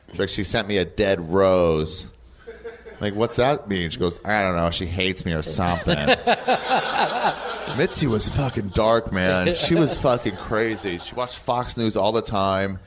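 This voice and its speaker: A man in his thirties with an American accent, a comedian guest in a casual interview, telling animated stories, acting out quotes, swearing and laughing often. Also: on the low side, measured pace, background noise.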